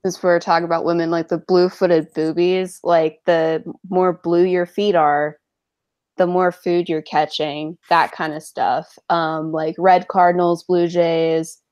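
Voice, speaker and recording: A woman's voice: fairly low pitch, little pitch movement, unhurried, a little mellow, clear, resonant tone, dull audio. A woman in a casual podcast chat, talking in a chatty, emphatic way full of fillers.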